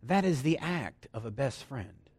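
A man preaching a sermon, his pitch leaping up and down in lively swings. He moves from loud emphasis to hushed near-whispers and laughs often between points. The sound is dry and close. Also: a little slow, breathy edge, no echo.

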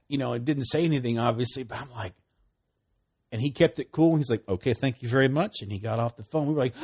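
A husky-voiced man delivers a casual sermon in a warm, storytelling manner. His pitch leaps up and down with lively emphasis, and he repeats key phrases for weight. The tone is conversational rather than formal. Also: fairly quick. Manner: folksy, animated storytelling with laughs and emphatic repeats. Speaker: preacher.

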